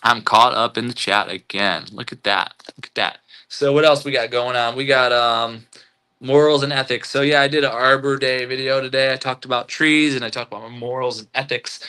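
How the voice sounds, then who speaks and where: A man's voice: mid-range voice, steady tone, brisk, pushed and bright, smooth. A man hosting a casual live stream, reading out chat messages in an upbeat, chatty way that often stumbles and repeats words.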